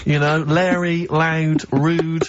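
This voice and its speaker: A man's voice: on the high side, level tone, slow. Mock-outraged radio co-host man. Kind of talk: casual radio banter. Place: radio studio. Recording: dull radio sound with faint hiss.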